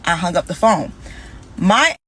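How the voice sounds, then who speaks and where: A young woman telling a candid personal story in a conversational, animated way, acting out the dialogue as she goes. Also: lowish voice, measured pace, husky.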